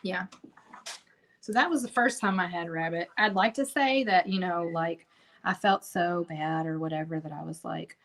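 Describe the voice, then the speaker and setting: A woman's voice: fairly low pitch, normal speed. Middle-aged woman hosting a craft video, casual and chatty, spins stories while she works. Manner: chatty storyteller, talks to viewers directly.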